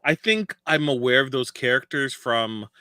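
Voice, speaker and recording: Bright-voiced man joking on a podcast. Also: medium pitch, expressive, normal speed, clean tone, no echo, studio quality. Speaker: podcast guest. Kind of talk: casual podcast chat.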